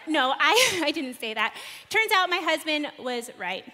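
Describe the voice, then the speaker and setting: A high, bright woman's voice preaches to a congregation, swinging between lively storytelling and hushed questions. The sound carries a long reverb from a large hall. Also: moderate pace. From United States. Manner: animated storytelling, asks the room questions. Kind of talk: sermon.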